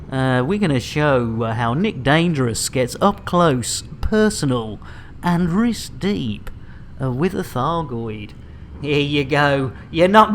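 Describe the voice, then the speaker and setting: A woman's voice: sits low, a little hiss or hum. A woman hosting a game live stream, chatting cheekily with her viewers and joking. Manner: cheeky, joking, playful banter with chat. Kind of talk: lively live-stream chat.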